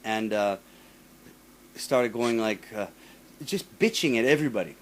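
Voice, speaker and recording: A man's voice: on the low side, measured pace, slight background noise. A man hosting a casual chat, telling a long story full of profanity, repeating himself and mimicking the people in it. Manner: profane, animated, restarts often, mimics others. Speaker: podcast host.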